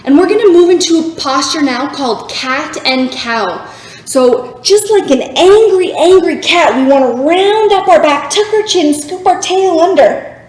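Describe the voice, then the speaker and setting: Upbeat female yoga instructor for kids, high voice, very roomy echoey sound. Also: animated, measured pace, a little mellow. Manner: upbeat, encouraging, makes animal sounds. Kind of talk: guided kids' yoga class. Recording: very echoey room.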